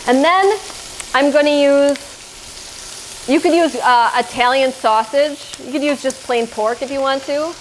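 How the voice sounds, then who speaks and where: A woman's voice: on the high side, fairly bright tone, a little hiss or hum, low-quality recording. Chatty middle-aged woman cooking at home. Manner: chatty, explains each step while talking to her son. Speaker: cooking show host. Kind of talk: casual cooking demonstration. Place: home kitchen.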